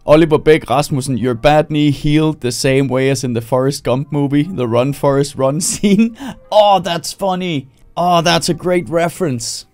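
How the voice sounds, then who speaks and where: A comedian on a live stream from his home setup writes jokes while thinking out loud, speaking at a normal speed. He acts out his bits in high, screaming voices and laughs at his own lines.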